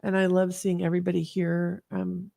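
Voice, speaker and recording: Woman guest, low gravelly voice, dry close sound, encouraging, emphatic, on a video call. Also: little pitch movement, moderate pace, dark tone, dry recording. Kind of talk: casual heartfelt talk-show chat.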